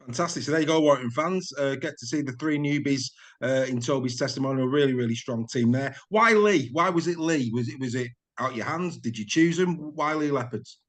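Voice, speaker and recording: A man's voice: medium pitch, fairly quick, hardly any pauses. A man hosting a casual interview, upbeat and leading his guest with tag questions. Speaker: podcast host.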